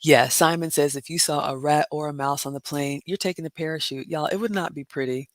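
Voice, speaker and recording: A woman hosting a casual livestream, reading viewer comments and telling a story with loud exclamations and hushed asides. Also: low-pitched, brisk, no room sound. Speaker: livestream host.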